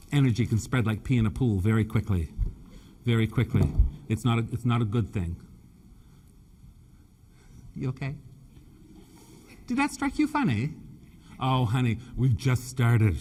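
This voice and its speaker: A man's voice: mid-range voice, dark tone. A man from Scotia, a floral designer giving a chatty, teasing stage demonstration and stuttering a little. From Nova Scotia, Canada. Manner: chatty, teasing, camp humor, calls people honey and dear; stutters a bit. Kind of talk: live stage demonstration talk. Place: main stage at a trade show.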